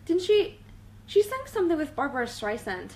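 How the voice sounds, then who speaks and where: Giggly high-voiced young Icelandic woman. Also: very animated, moderate pace, darkish tone. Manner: giggly, playful. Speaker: guest singer on livestream. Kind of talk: casual livestream chat.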